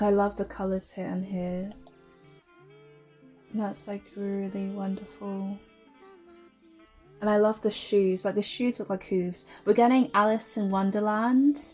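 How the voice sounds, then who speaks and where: A woman's voice: medium pitch, a little mellow. Gushing young woman reviewing fashion. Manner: gushing, many fillers. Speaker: fashion vlogger. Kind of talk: casual chatty commentary.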